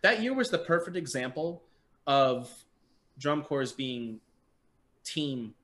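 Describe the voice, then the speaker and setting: A young adult man, a podcast guest, telling stories in casual chat over a remote call, animated and swearing freely. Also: mid-range voice, slow. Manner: animated, swears freely, acts out quoted people. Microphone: remote call mic.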